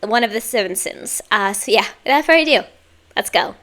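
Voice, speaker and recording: A woman's voice: medium pitch, animated, a little fast, fairly bright tone. A young woman hosting a music reaction, gushing with exclamations and chatty fillers. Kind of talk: casual reaction commentary. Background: faint music playing.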